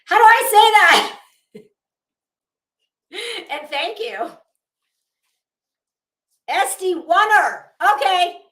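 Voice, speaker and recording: A woman's voice: very high-pitched, animated, slow, pauses often, pushed and bright, reverberant. A tired, worn-out woman hosting a livestream in casual chat, reading comments and rambling with trailing thoughts. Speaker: livestream host.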